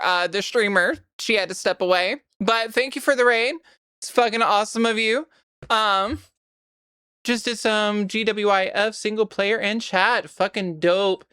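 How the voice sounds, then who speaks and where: A woman's voice: medium pitch, fairly bright tone, smooth, no room sound, studio quality. A woman filling in on a live stream, chatting casually in a rambling, sweary way with a sore throat. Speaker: stand-in streamer.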